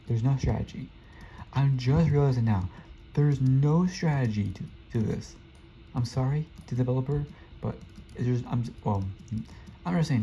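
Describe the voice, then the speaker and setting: A young man talks his way through a hard climbing game, rambling and frustrated, muttering to himself between jumps. His voice is dark and mellow, recorded on a dull, lo-fi mic with a faint hiss and keyboard clicks behind him. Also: medium pitch. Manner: rambling, frustrated, self-talking. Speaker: gaming streamer. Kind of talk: casual gameplay commentary.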